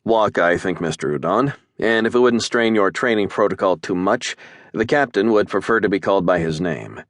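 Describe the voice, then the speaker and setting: A man's voice: deep voice, normal speed, no echo. A man voicing a seasoned male starship captain who speaks with dry, wry understatement.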